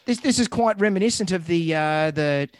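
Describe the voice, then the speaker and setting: Australian man, podcast host, rambling jokey chat, fairly high voice, dry sound. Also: animated, moderate pace, no room sound. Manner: rambling, joking, many restarts. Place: home, remote call.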